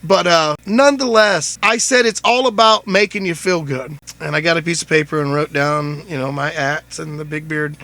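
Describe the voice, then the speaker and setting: Chatty high-voiced gravelly man. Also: normal speed, sharp tone. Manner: chatty, rambling, jokey retelling with many "I said". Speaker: podcast host. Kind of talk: casual storytelling monologue.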